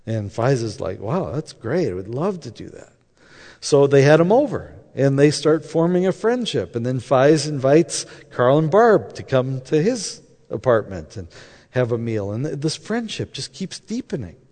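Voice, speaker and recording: Male storyteller, mid-pitched, chatty, acts out the dialogue; long hall reverb. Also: very animated, moderate pace, darkish tone. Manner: conversational, acts out quoted dialogue. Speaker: speaker telling a faith story. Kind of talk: anecdotal storytelling talk.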